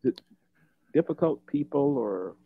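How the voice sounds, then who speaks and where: A man's voice: medium pitch, lively intonation, measured pace, slightly rough, no echo, narrow, tinny audio. A man hosting an interview, asking questions casually and often murmuring agreement. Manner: frequent affirming backchannels. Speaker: interview host.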